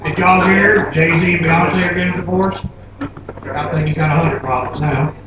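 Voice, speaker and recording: A man from Florida doing a stand-up comedy set, telling animated stories and laughing at his own jokes. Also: on the high side, a little slow, highs cut off. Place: comedy club stage. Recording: very echoey club, taped from far off, noisy.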